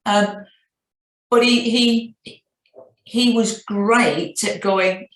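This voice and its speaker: A woman's voice: medium pitch, steady tone, extremely slow, long pauses, fairly bright tone, reverberant, poor audio. A middle-aged woman with a Northern English accent, a chief executive telling anecdotes in a business interview with many restarts. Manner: reflective, anecdotal, frequent restarts. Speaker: CEO guest.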